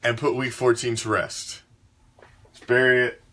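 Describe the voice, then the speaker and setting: A man's voice: mid-range voice, little pitch movement, unhurried, bright, forceful tone, a little hiss or hum. A man hosting a fan sports talk show, ranting with a profane, fired-up and emphatic delivery. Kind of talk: fan sports commentary rant.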